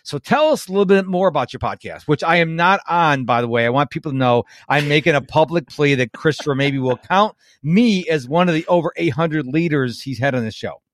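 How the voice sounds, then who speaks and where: A man's voice: fairly high pitch, fairly quick, few pauses, no echo, studio quality. A man hosting a podcast interview, chatting casually with jokes and earnest asides. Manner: animated, jokey and earnest. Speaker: podcast host.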